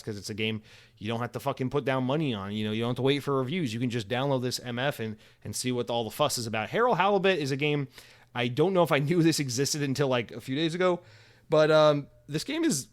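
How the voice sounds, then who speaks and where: A man in his thirties hosting a solo podcast alone, rambling casually with sarcastic, profane asides. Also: medium pitch.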